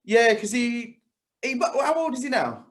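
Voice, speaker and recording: A man's voice: extremely high pitch, big pitch swings, moderate pace, fairly bright tone. A man chatting casually as a podcast co-host, laughing often and swearing freely. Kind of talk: casual sports podcast chat.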